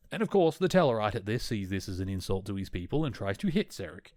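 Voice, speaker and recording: A man with a lowish, darkish voice talks fast and very animatedly, hardly pausing, in a dry studio-quality recording. He's a podcast host recapping an episode in a casual, enthusiastic chat, laughing now and then and often correcting himself mid-thought.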